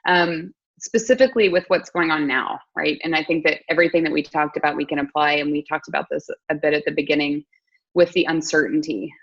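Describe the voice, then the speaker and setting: Low-voiced woman host, lo-fi sound. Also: fairly even intonation, brisk, fairly bright tone. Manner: reflective, thinks aloud with restarts. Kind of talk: conversational interview.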